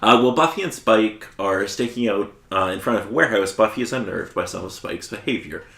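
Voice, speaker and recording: A man's voice: fairly low pitch, brisk, gravelly, roomy sound, a little hiss or hum. A man co-hosting a podcast, recapping an episode in a casual way and laughing often. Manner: laughs often, animated plot summary.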